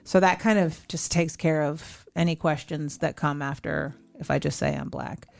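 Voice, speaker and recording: A woman's voice: low voice, very animated, normal speed, gravelly, faint music behind. A woman in her forties hosting a podcast, candidly telling a personal story and acting out remembered dialogue. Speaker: podcast host.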